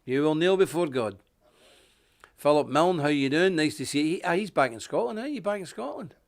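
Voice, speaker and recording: A man's voice: a little high, animated, brisk. A middle-aged man with a Northern Irish accent, hosting a live online commentary, rambling and indignant as he reads from a paper and greets viewers. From Northern Ireland. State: coughing. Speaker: host.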